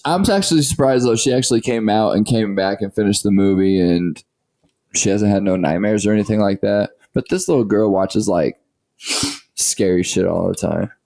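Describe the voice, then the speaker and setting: A man's voice: on the low side, moderate pace, creaky. A man co-hosting a podcast, telling a story in casual, profane chat and acting out the lines he quotes. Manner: animated storyteller, swears a lot, acts out quotes. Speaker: podcast co-host.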